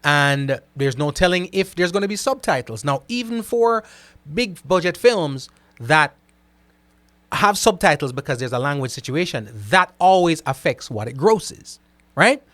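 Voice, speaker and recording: A man hosting a casual live stream. He reads out viewer comments and answers them in an animated way, often repeating himself and checking in with "right?". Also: fairly high pitch, a little slow, no room sound. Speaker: host reading live chat comments.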